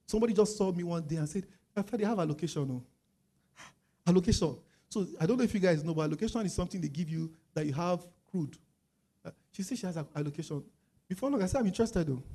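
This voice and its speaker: Lively Nigerian man preaching. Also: high voice, fast talker. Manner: lively, acts out quoted voices, rises to loud emphatic stretches. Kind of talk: sermon.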